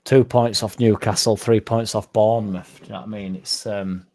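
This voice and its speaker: A man's voice: fairly low pitch, steady tone, normal speed, warm tone. A young man hosting a fan stream, rambling casually, swearing now and then and reading out viewer comments. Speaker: fan channel host reading chat. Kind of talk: casual live-stream chat.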